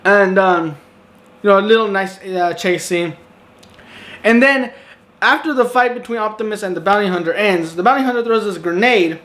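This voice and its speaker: Guy with a high voice rambling thru a movie review, lots of um and you know, kinda sarcastic. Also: normal speed, fairly bright tone. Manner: rambling, filler-heavy, sarcastic, breaks into exasperated outbursts. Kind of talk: casual spoken review.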